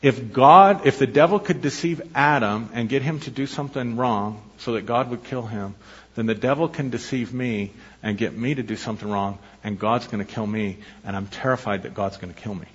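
A man preaching a sermon as pastor, telling a personal story in a conversational way with quick asides. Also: medium pitch, husky. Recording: dull lo-fi sermon recording.

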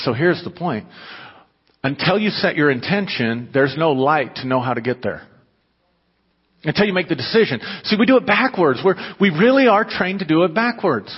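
This pastor's fairly high, slightly rough voice is animated and moves at a normal speed. He addresses his congregation casually, then surges into forceful, raised bursts, all captured in dull, muffled audio with a long hall reverb.

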